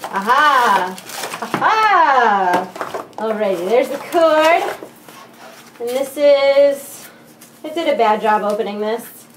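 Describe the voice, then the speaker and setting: Giddy high-voiced woman unboxing. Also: slow pace, long pauses. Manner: giddy, bubbly, exclaims and sings to herself. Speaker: unboxing vlogger. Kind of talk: excited unboxing vlog. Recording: echoey room with faint noise.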